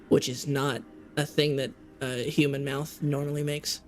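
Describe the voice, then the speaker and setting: A man's voice: mid-range voice, little pitch movement, measured pace. Casual man chatting over faint music. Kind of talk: casual chat. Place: live stream.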